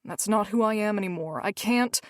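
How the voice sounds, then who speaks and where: A woman's voice: mid-range voice, fairly quick, no echo, clean studio sound, close to an everyday voice. A woman doing a wry, joking mafia man.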